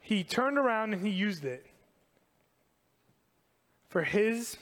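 Man, pastor, sermon, high voice, emphatic, repetitive, reverberant hall. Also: slow pace. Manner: animated, emphatic preaching with repetition.

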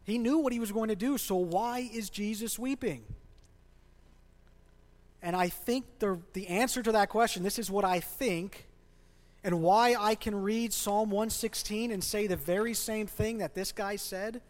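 The long reverb of a large hall surrounds a man preaching as a pastor in a church. His voice sits high and keeps a measured pace, and he speaks conversationally, putting questions to the congregation.

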